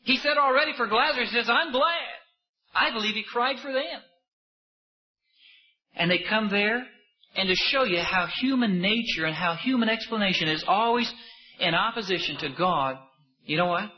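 A man preaching a sermon with impassioned rhetorical questions, swinging between loud emphasis and hushed asides. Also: sits high, lively intonation, normal speed, highs cut off.

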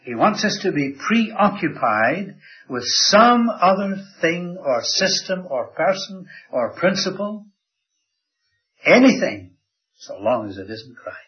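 Dramatic man preaching, lo-fi recording. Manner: dramatic rises and drops in pitch and volume. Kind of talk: sermon. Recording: dull lo-fi sermon recording.

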